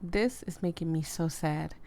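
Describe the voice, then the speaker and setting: A woman's voice: low voice, measured pace, mellow. A woman playing a visual novel, reading its narration aloud and reacting emotionally. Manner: emotional, reacts openly to the story. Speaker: let's play gamer.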